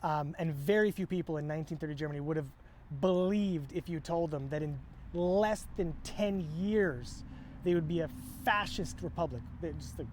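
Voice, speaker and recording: Guy with a high voice thinking out loud, kinda halting. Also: a little hiss or hum. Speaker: stream co-host. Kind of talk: casual chat.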